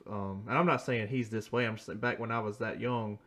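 A man's voice: lowish voice, steady tone, fairly quick, fairly bright tone. A man in his thirties hosting a casual podcast, laid-back and rambling, laughing at his own jokes. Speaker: podcast host.

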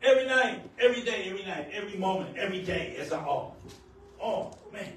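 An older man, married nearly fifty years, preaching a sermon as pastor, at times rising to shouts. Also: sits high, expressive, fast. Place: church sanctuary. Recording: very echoey church hall, distant mic, noisy.

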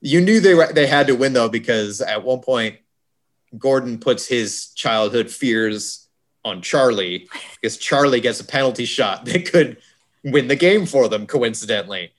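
A man's voice: mid-range voice, lively intonation, moderate pace. Guy co-hosting a podcast, rambly and jokey, talks over himself. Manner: rambling, jokey, self-correcting. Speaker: podcast co-host. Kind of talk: casual movie discussion chat.

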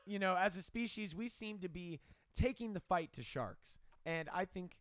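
A man's voice: high-pitched, normal speed, fairly bright tone, no echo, clean studio sound. A man co-hosting a podcast, rambling through crude, swearing jokes. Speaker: podcast co-host. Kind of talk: crude casual banter.

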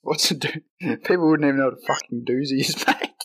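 Brief: young aussie male co-host, mid pitch, crude and laughing, loose podcast chat. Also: brisk, fairly bright tone. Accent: Australian. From Australia. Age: young adult. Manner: crude, laughing, swears a lot. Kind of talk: casual banter.

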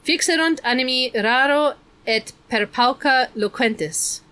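A woman's voice: high voice, measured pace, bright, forceful tone, voice pushed up. A woman reading aloud, voicing an odd old woman who intones quotations in a raised, sing-song way. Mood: intoning.

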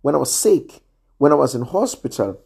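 A man preaching a sermon in a slow, measured way, sometimes dropping almost to a hush for emphasis. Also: fairly high pitch, sing-song, vocal fry, husky. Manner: slow and measured, drops to near-quiet emphasis.

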